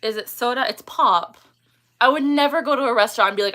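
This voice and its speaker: A woman's voice: a little high, quick pace, bright, forceful tone. A woman, hosting a casual livestream and chatting as she reads out and answers viewer comments. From Canada. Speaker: livestream host.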